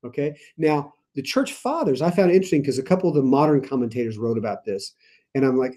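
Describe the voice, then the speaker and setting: A man with an American accent leading a casual Bible study, animated and playful, laughing as he explains the text. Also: medium pitch, fairly quick.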